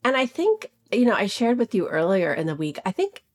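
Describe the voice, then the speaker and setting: A woman's voice: mid-range voice, big pitch swings, brisk. A woman co-hosting a podcast while sick and congested, talking candidly and reflectively from a remote setup. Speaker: podcast co-host, professional organizer. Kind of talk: casual chat. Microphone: remote recording setup.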